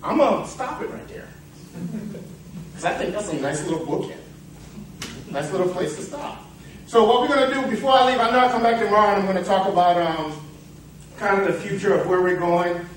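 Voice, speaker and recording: A man's voice: high voice, a little fast, long pauses, recorded from a distance, a little hiss or hum. A man giving a motivational seminar talk, telling a parable in a rambling way with playful asides. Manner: rambling storyteller, self-interrupting, playful asides. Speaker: seminar speaker. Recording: echoey hall, picked up from afar.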